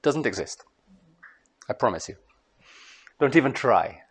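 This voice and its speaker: Lively Scottish man lecturing on verse. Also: mid-range voice, unhurried, husky. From Scotland. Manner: lively, musical, hums rhythms aloud. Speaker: translator giving a master class. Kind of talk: lecture to students. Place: lecture hall.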